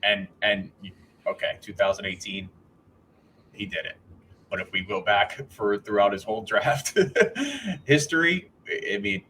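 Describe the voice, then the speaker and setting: A man's voice: fairly low pitch, lively intonation, unhurried, bright, forceful tone, a little hiss or hum, poor audio. A man co-hosting a podcast in casual sports chat, rambling with restarts, swearing and laughing. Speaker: podcast co-host.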